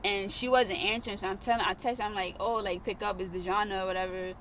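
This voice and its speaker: Young woman rambling thru a storytime, bright tense voice, lots of "like", faint hiss behind. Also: mid-range voice, steady tone, quick pace. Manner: rambling, repeats herself, many "like" fillers. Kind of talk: casual storytime chat.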